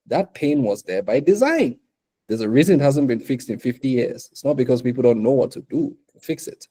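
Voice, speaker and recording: A man from Africa speaks to a bootcamp of would-be entrepreneurs with a very dark, mellow tone at a middling pitch. He is animated, often breaks into laughter and acts out little quoted dialogues. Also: husky. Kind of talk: motivational talk to entrepreneurs.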